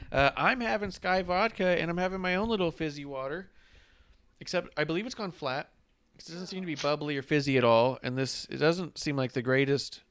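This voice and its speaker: A man's voice: fairly high pitch, animated, normal speed, a bit bright, dry recording. A young adult man from the United States hosting a casual wrestling podcast, joking loosely and drinking on air. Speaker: podcast host.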